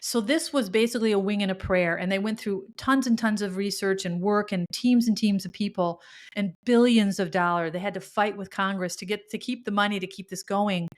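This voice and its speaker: A woman's voice: mid-range voice, steady tone, fairly quick. A middle-aged woman hosting a spiritual podcast, talking earnestly and emotionally with frequent restarts. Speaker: podcast host. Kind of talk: spiritual monologue.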